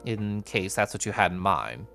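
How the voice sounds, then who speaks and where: A man's voice: deep voice, very animated, moderate pace, gravelly, soft background music. Playful man with sing-song intonation. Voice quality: comfy, distinctive voice. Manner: drops to soft, quiet murmurs. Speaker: livestreamer. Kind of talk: casual chat with viewers.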